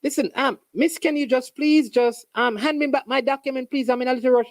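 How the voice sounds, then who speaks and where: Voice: high-pitched, a little fast, no room sound, pitched above the performer's own voice. A host playing a polite man who has just moved back home from abroad, speaking casually and politely.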